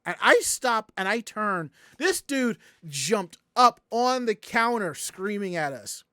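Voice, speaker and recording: A man's voice: sits high, slow, hardly any pauses, no echo, studio quality. A man from the American South, hosting a casual podcast and telling a long story that acts out everyone's quoted lines. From Southern United States. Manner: animated, acts out quoted voices. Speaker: podcast host.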